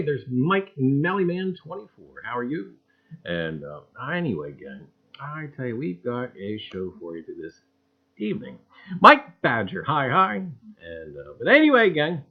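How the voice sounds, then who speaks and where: Folksy livestream host, man, lively up-and-down voice, loud cheery hellos, dull lo-fi audio. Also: on the high side, unhurried. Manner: folksy, repeats catchphrases, loud cheerful greetings. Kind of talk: livestream chat greeting viewers. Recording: dull lo-fi sound.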